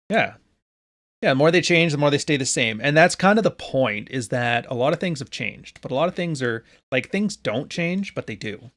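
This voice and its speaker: A man's voice: medium pitch, fairly bright tone. A man in his late thirties from Canada, hosting a podcast in loose, joking chat with his live audience, swearing freely. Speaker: podcast host. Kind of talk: casual live-stream talk to a chat.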